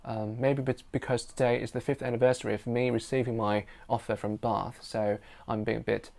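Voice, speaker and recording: Gravelly Chinese man telling a personal story. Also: mid-range voice, little pitch movement, fairly quick. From China. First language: Mandarin Chinese. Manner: chatty, fillers like you know and um. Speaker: interpreter and storyteller. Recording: soft guitar music underneath.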